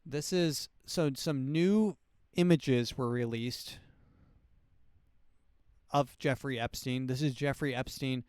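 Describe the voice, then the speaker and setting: A man's voice: medium pitch, takes it slowly, long pauses, darkish tone, clear, resonant tone, no room sound, clean studio sound. A man hosting his comedy show, talking in a loose, profane, rambling monologue. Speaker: comedy podcast host.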